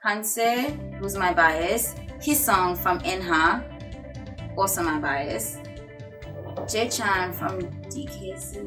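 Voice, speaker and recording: Over a rough recording, a young woman with a fairly low voice talks through her personality test results in a casual vlog. She plays it up dramatically and playfully, erupting now and then into loud excitement.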